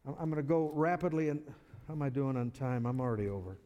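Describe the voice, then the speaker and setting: A man's voice: medium pitch, animated, fast talker, mellow, muffled recording. A man preaching a sermon in a conversational way, often repeating words as he restarts. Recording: reverberant hall.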